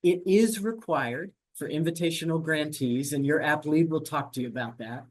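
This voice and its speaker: A grants administration staff member walking viewers through an online portal in a webinar, talking fast with frequent fillers and self-corrections. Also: medium pitch, darkish tone. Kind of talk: webinar screen-share walkthrough.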